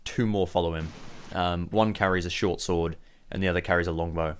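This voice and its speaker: Man, Australian accent, game master, very low voice, halting narration. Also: steady tone, clear, resonant tone. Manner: narrates with frequent ums and restarts, voices NPCs lightly.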